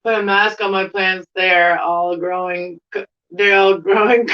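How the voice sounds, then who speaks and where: Bright-voiced Canadian woman rambling. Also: mid-range voice, fairly even intonation, unhurried, smooth, dull audio. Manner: rambling, giggly, chatty. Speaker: plant vlogger. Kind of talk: casual chat to camera.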